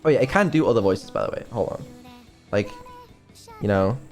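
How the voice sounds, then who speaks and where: A man chatting casually on a stream as a developer, hesitant and filling pauses with ums, swearing now and then. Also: lowish voice, big pitch swings, soft background music.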